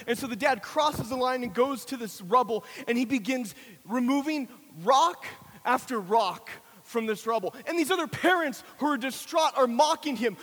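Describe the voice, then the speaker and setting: High-voiced man preaching in a hall. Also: moderate pace. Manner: dramatic storytelling, swelling to shouts then hushed prayer. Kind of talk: sermon with a closing prayer. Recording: long hall reverb.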